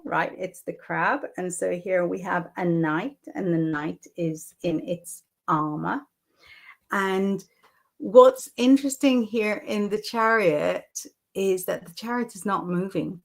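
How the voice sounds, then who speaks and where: A woman hosting a live tarot stream, talking through the cards at an unhurried pace with frequent ums and reading viewers' comments aloud. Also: lowish voice, vocal fry. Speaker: psychic and tarot host.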